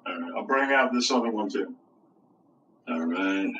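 A man's voice: lowish voice, normal speed, pauses often, sharp tone. A man streaming with puppets, chatting in a crude, offhand, joking way with mumbled asides. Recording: distant mic with faint noise.

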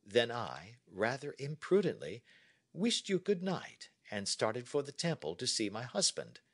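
A man reading as a poised, lively young woman. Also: medium pitch, voice pushed up. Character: clever young woman writing a farewell letter. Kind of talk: storybook reading for learners.

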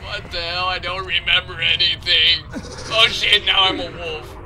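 A man's voice: high-pitched, level tone, normal speed, bright, forceful tone. A young man giving crude, joking commentary while playing a video game and talking to its characters. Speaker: let's play gamer. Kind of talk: casual gameplay commentary. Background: game music.

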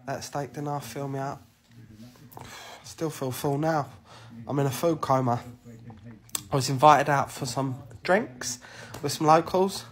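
A man's voice: on the high side, a little slow, long pauses. A man chatting casually to his phone camera, sentimental and jokey. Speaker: TikTok vlogger.

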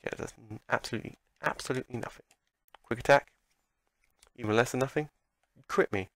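A man giving gameplay commentary, excitable and talking back at the game as he plays. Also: medium pitch, brisk, no echo. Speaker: let's play commentator.

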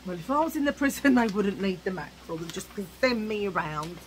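A woman's voice: medium pitch, fairly quick, slight background noise, low-quality recording. A woman ranting cheekily to camera in a casual vlog, chatty and opinionated. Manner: chatty, cheeky, ranting, mimics old-fashioned voices. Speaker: vlogger.

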